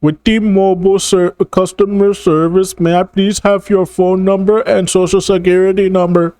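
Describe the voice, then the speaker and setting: Brief: man doing a high, formal customer service guy reading his script. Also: level tone, moderate pace, dark tone, close to an everyday voice. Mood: scripted polite. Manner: stiff, formal phone-script delivery. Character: overly polite male customer service rep.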